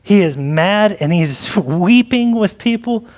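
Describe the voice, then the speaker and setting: A man's voice: high voice, lively intonation, slow, darkish tone. A man preaching a sermon as pastor, in a conversational way with frequent "like" and questions. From Texas. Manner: conversational preaching with many likes.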